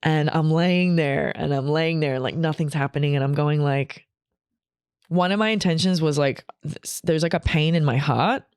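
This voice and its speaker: A woman's voice: sits low, moderate pace, darkish tone, clean tone, no echo, clean studio sound. A woman in her forties telling a long personal story on a podcast, rambling and emotional, with frequent swearing and restarts. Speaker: comedian guest. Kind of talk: candid storytelling chat.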